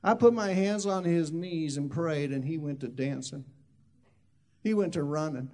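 A man's voice: a little high, measured pace, mellow. A man who is a minister, telling a loose, rambling testimony story full of asides.

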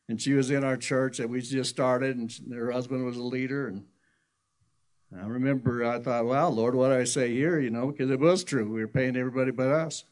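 A man's voice: mid-range voice, steady tone, normal speed, long pauses, a little mellow. A middle-aged man preaching a sermon in a conversational, folksy storytelling way, often restarting his sentences. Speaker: pastor.

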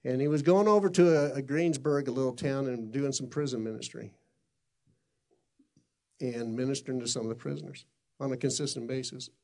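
A middle-aged man preaches a sermon and tells stories in a gravelly, mellow, mid-range voice, speaking a bit fast. He comes across as earnest and conversational, restarting often.

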